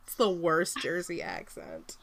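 Speaking a little slowly in a low, gravelly voice, a woman co-hosting a casual podcast recaps a movie with plenty of animation and frequent swearing. She has a light Southern accent.

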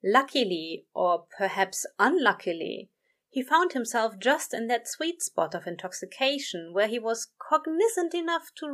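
Woman reading a story slowly. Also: on the high side, a bit bright. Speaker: narrator. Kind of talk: reading fan fiction aloud.

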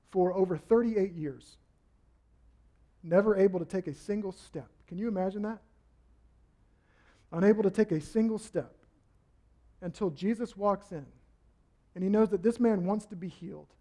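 A male pastor preaching a sermon, acting out quotes and building to shouts. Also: high voice, normal speed, pauses often. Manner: animated, acts out quotes with rising shouts.

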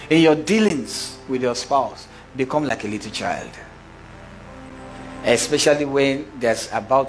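A middle-aged man preaching a sermon, questioning his congregation and acting out little scenes. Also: medium pitch. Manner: animated preacher, asks the congregation questions, acts out voices. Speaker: pastor.

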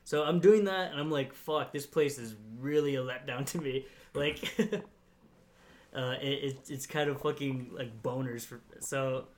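Speaking a little slowly in a mid-range, slightly mellow voice, a young podcast guest rambles through a long story. He swears freely, laughs a lot, and keeps dropping "like" and "you know."

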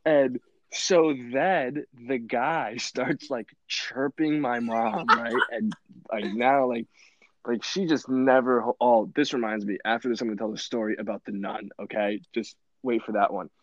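A young man telling stories in a rambling podcast chat, animated and full of fillers and laughs. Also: mid-range voice, measured pace, lo-fi sound. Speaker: podcast host. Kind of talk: casual storytelling chat.

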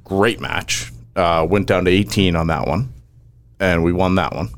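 Low-voiced man telling a golf story. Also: smooth. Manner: animated storyteller, rapid play-by-play recounting. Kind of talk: casual chat.

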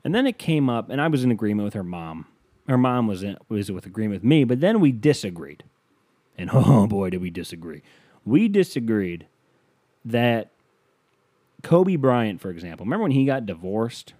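Hosting a casual solo podcast, a man rants and jokes with plenty of swearing, riffing and amusing himself. His fairly low, mellow voice has a sing-song quality at normal speed and jumps up when he gets worked up. There's no room sound.

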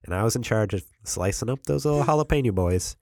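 A man's voice: fairly low pitch, expressive, fast, creaky, darkish tone, dry recording, studio quality. A man co-hosting a casual podcast, congested from a cold and chuckling often. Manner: laid-back, chuckles often. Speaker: podcast co-host. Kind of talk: casual chat.

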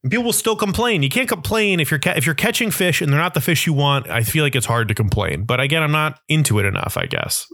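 A man's voice: fairly high pitch, lively intonation, quick pace, few pauses, bright, forceful tone, no room sound, studio quality. A young adult man telling comic stories in a rambling, self-deprecating way. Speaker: comedian. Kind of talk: comedic monologue.

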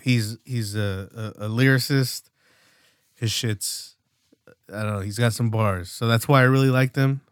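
A man's voice: medium pitch, fairly even intonation, measured pace, clear, resonant tone, no echo. Rambling, profane podcast guy, dry sound. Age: late 20s. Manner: rambling, loose, profane, many fillers. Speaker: podcast co-host. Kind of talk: casual podcast chat.

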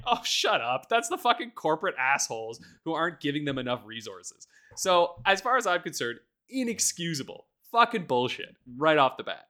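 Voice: mid-range voice, sing-song, normal speed, few pauses, pushed and bright. A podcast co-host in casual chat, ranting with heavy profanity and laughing often while talking.

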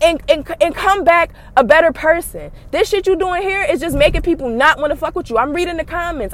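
A woman podcast host, ranting bluntly and profanely in animated commentary. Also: high voice, dry recording.

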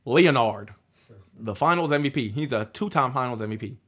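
A man's voice: mid-range voice, lively intonation, moderate pace, fairly bright tone, husky. Laid-back man hosting a sports podcast. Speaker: podcast host. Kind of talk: casual sports podcast chat.

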